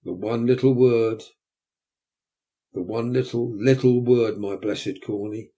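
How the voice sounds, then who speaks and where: A man's voice: mid-range voice, steady tone, slow, mellow, lightly acted. A man voicing a pompous middle-aged parish beadle who woos in an unctuous, courting manner. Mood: wooing.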